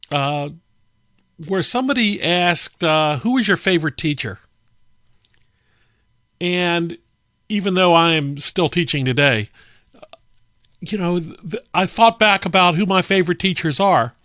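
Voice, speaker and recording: A man hosting a podcast, telling a story in a relaxed, chatty way with frequent fillers. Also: fairly high pitch, no echo, clean studio sound. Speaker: podcast host. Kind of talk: casual storytelling monologue.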